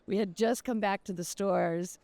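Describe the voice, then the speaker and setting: Lively woman telling a shop story. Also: medium pitch, normal speed, creaky, dry recording. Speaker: jewelry store owner. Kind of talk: casual storytelling.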